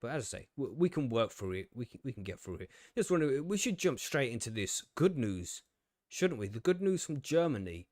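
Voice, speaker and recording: A man's voice: mid-range voice, sing-song, a little fast, a little mellow, no echo. A man in his usual middle register hosts a casual live stream, rambling through technical trouble and poking fun at himself. He swears freely and laughs easily. The sound is close and dry, with no room around it. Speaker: podcast host.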